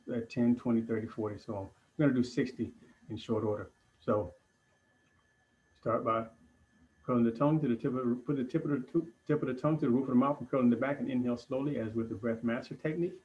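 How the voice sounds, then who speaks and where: Guy leading breathwork class, calm and deliberate, middle pitch, kinda dull lo-fi audio. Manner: calm, deliberate instruction with pauses. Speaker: breathwork instructor. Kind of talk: guided breathing lesson.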